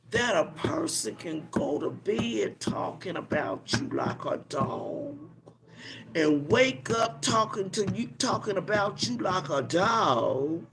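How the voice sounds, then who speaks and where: Slow, gravelly-voiced older grandmother scolding online. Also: on the high side. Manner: preachy, scolding, drawn-out emphasis. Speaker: livestream host. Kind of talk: casual livestream commentary.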